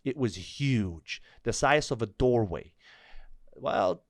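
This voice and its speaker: A man's voice: mid-range voice, expressive, slow, gravelly, no echo, clean studio sound. A man reading creepy stories aloud, nervous and stumbling, breaking off to laugh and joke between passages. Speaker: storyteller reading online stories. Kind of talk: reading aloud with joking commentary.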